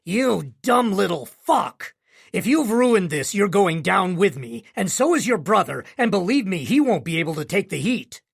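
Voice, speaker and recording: A man's voice: on the high side, expressive, measured pace, creaky, dry recording, studio quality, full character voice. A man reading an audiobook, voicing a volatile businessman father who bellows and then wheedles. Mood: raging. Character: volatile middle-aged male tycoon father. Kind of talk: audiobook narration.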